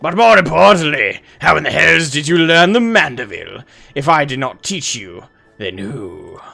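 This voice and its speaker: Hildebrand is a pompous, theatrical gentleman adventurer, as a man puts him on, declaiming in grand archaic phrases with a voice that swoops high and low. A little game music plays faintly behind him. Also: animated, moderate pace, gravelly, heavily acted.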